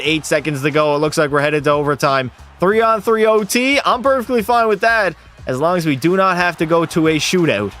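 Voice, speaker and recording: A young man from Canada streams a hockey video game, his fairly high voice jumping between mock broadcaster calls and loose, profane chat banter. Faint game music sits behind his desk mic. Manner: excitable, mock sportscaster calls mixed with casual swearing. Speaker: gaming streamer. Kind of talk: live play-by-play commentary and chat banter.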